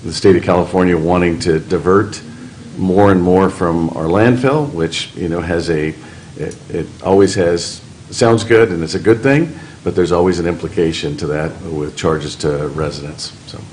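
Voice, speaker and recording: A man on a county board explains an issue to the public, pausing and restarting now and then. His voice is deep, with faint background hum. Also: darkish tone. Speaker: board supervisor. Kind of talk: remarks at a public meeting.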